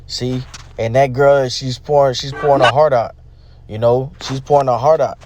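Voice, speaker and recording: A man's voice: mid-range voice, steady tone, normal speed, noisy background. A man giving street-preacher style religious commentary, profane, emphatic and repetitive.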